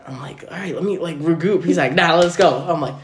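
Speaking quickly in a fairly high voice, a young podcast host tells casual personal stories and performs both voices in each conversation. The recording has the echo of a large room.

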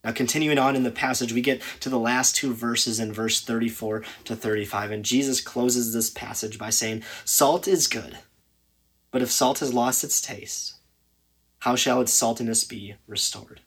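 A man preaching a sermon, earnest and emphatic, with sudden loud, high bursts when he acts out a scene. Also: level tone, normal speed, husky.

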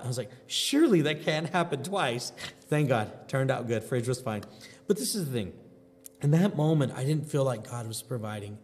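Man, mid-pitch pastor, animated storyteller, reverberant space. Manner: animated storyteller, folksy and earnest. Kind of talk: devotional sermon with personal story. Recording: long hall reverb.

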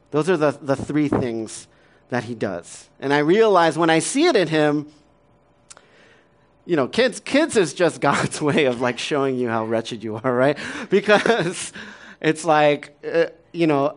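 With a slightly high voice, a man in his thirties preaches as a pastor in a casual, conversational way. Fillers pepper his speech, he laughs often, and he alternates between quiet, gentle passages and livelier bursts.

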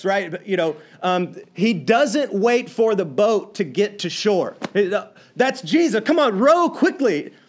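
Male preacher, slightly higher voice, conversational and animated storytelling sermon. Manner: animated, acts out quoted lines, many restarts.

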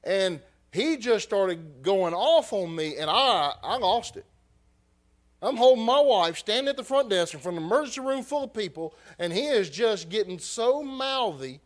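A man, a missionary preacher giving an emotional personal testimony, halting and repeating his words. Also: high-pitched, animated.

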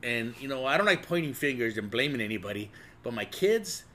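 A man's voice: mid-range voice, a little fast. A middle-aged man telling a rambling, profane story in casual chat, with lots of "dude.". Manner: profane, rambling, animated storyteller who keeps saying "dude".

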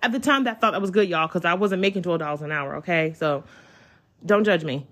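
A woman, hosting a podcast from home and telling a personal story in a chatty, excitable way. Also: fairly low pitch, brisk. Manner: chatty, excitable, addresses listeners as y'all. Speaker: podcast host. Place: at home, child in the room.

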